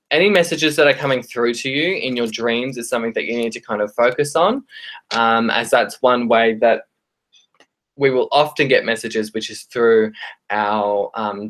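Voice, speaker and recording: Australian accent, tarot reader, live stream, friendly chat, halting with ums, mid-pitched voice. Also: fairly bright tone. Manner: friendly, hesitant with frequent ums and restarts. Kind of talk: live-streamed tarot reading, chatting with viewers.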